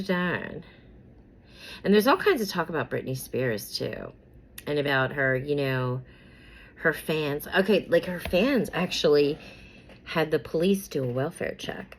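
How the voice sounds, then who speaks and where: A deep-voiced woman, captured in a low-quality recording, chats casually about celebrity gossip while doing her makeup. She rambles with lots of fillers and repeats, sometimes whispering names as she pulls cards.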